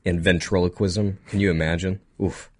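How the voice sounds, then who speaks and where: A young man co-hosting a casual podcast, rambling through topics with quick asides, laughs and a slightly nasal voice. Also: sits low, steady tone, breathy edge, no room sound. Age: young adult. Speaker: podcast co-host. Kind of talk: casual chat.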